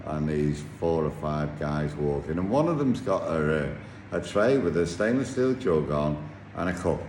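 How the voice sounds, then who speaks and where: A man telling a casual anecdote about his sailing trip, halting and full of restarts. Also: low voice, darkish tone. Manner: rambling, halting storyteller with many restarts. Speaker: yacht captain telling a story. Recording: echoey room with faint noise.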